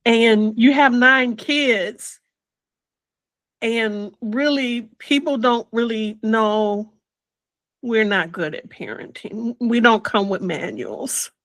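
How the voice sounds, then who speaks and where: In a dry recording with poor audio, an older woman, guest in an interview, slowly reflects on her personal story and whispers quoted words. Her pitch is fairly high and her tone a bit bright.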